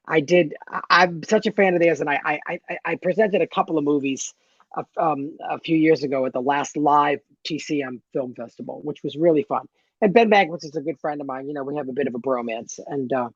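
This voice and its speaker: A man in his fifties or older, a guest telling stories in a lively, camp way with big swings in pitch. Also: dry recording, muffled recording. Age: 50s or older. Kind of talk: casual chat.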